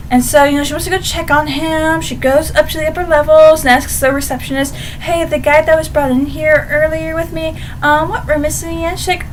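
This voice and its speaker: A young woman reviews a book for her channel in a casual, playful way. Her voice sits high and she swings into loud, dramatic asides. A faint hiss runs under the recording.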